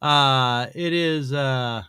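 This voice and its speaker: A man's voice: medium pitch, extremely slow, sharp tone, smooth, no room sound. A male podcast host reading a sponsor spot in casual chat, rambling and playful with many restarts. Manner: rambling, self-interrupting, playful.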